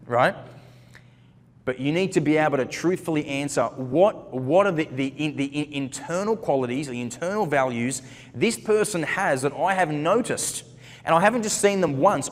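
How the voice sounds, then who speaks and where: A man speaking as a Christian ministry speaker, giving earnest, conversational advice and telling stories, often repeating words as he searches for them. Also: mid-range voice. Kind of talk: advice talk with storytelling. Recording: long hall reverb.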